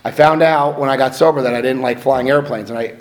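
A middle-aged man giving a personal testimony to a recovery meeting, swinging between hushed and loud and laughing at himself. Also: mid-range voice, fast talker. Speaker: recovery speaker.

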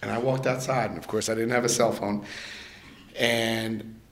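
An older man shares his personal recovery testimony with a group at a recovery meeting. His voice is lowish and his pace moderate. He's an animated storyteller who laughs often and acts out the voices in his story.

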